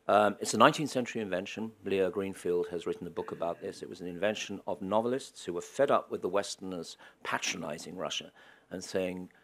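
Male lecturer, deep voice, dry anecdotal wit, public talk. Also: a little fast, a bit bright. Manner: wry, anecdotal, dry humor. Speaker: guest lecturer.

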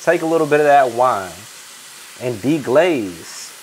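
A man's voice: medium pitch, animated, measured pace, slight background noise, rough recording. A man hosting a cooking competition, chatting casually and quizzing the cooks with jokes. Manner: joking, asks contestants questions. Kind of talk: casual chat.

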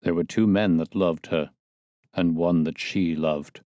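A bitter, broken old soldier, as a male reader voices him, telling his tale slowly and heavily. The voice is very deep and the recording is dry and close. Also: steady tone, warm tone, no room sound, lo-fi sound. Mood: brooding. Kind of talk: audiobook character reading.

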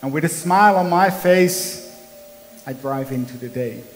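An unhurried, fairly high-pitched man in his thirties, Dutch with a matching accent, tells stories in an earnest, emphatic motivational talk at a conference, slipping slightly in his second-language English. The low-quality recording carries big-room sound and faint music behind him.

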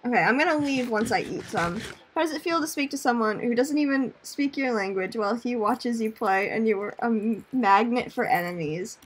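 A young woman streaming a game, chatting casually, reading chat aloud, laughing often and breaking into loud screams at enemies. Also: a little high, expressive, a little fast, a little hiss or hum. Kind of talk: casual gaming commentary.

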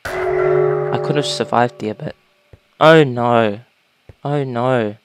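A woman casually commentating a video game, talking to creatures and breaking into panicked shouts. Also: extremely low pitch, takes it slowly, very noisy. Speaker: gaming YouTuber.

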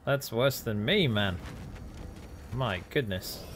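A man's voice: mid-range voice, animated, slow pace, noisy background. A man hosting a gaming video, chatting and joking as casual gameplay commentary.

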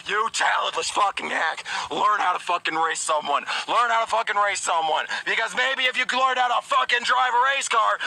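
A man's voice: extremely high pitch, gravelly, bright, forceful tone, no echo, low-quality recording. A YouTuber ranting in a furious screaming rage, cursing, his voice cracking with anger. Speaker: YouTuber reacting to a race.

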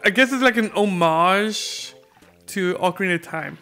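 A man's voice: sits high, moderate pace, bright, forceful tone, faint music behind. A young man casually co-hosting a let's play, chatting and reading game lines aloud. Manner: chatty, reads game dialogue aloud, laughs often. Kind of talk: casual gameplay commentary.

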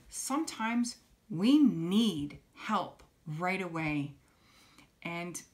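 A woman teaching young children, gently coaxing them to repeat simple phrases after her. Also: fairly low pitch, lively intonation, slow pace. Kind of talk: children's lesson.

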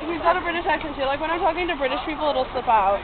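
A woman's voice: high-pitched, racing, crowd noise. A woman with a Canadian accent chatting casually and giggling while walking outdoors on a city street in the rain. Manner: giggly, animated. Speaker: vlogger friend. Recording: tinny phone audio with loud street noise.

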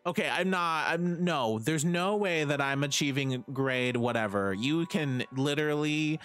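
A man's voice: a little high, unhurried, a bit bright, clean tone. A man streaming live, chatting casually with viewers as he plays, self-mocking and swearing freely. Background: faint game music.

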